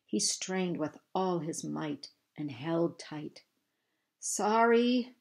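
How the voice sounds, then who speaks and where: A woman reading a children's novel aloud, measured and unhurried, lifting her voice for the characters. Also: low-pitched, fairly even intonation, creaky, a little mellow. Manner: slow, measured storytelling with raised voices for dialogue. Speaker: reader.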